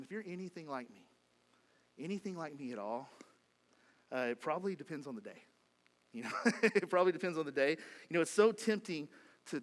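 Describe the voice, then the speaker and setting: A middle-aged male pastor preaching a sermon in a church, speaking conversationally, repeating key phrases and asking the congregation questions. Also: a little high. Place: church sanctuary.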